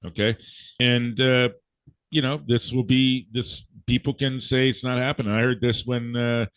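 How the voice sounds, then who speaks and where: A man's voice: mid-range voice, flat delivery, moderate pace, a bit bright, smooth, no echo. A man speaking as a guest in a blunt, profane, lecturing rant, hammering his points home with emphasis. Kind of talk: blunt ranting conversation. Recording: dull, dry lo-fi audio.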